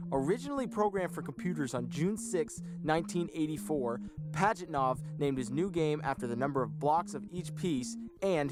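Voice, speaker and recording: A man hosting a comedic video-game show, goofy and self-mocking with bursts of hype. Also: a little high. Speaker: host. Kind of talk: comedic video-essay narration. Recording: music playing loudly behind.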